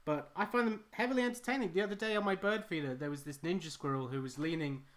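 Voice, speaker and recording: A man's voice: fairly high pitch, fast talker, fairly bright tone. A British man hosting a live stream, talking in casual chat. He tells rambling, self-deprecating stories. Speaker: stream host, artist.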